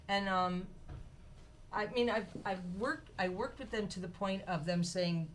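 A woman in her forties, a children's book author, telling stories quickly and animatedly in a radio studio interview. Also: lowish voice, a little hiss or hum. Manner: animated and fast-talking. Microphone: studio mic.

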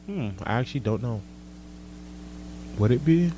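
A young man hosting a casual chat and reading listener comments aloud, relaxed and full of "like". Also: mid-range voice, normal speed, noisy background. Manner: relaxed, filler-heavy, says "like" often.

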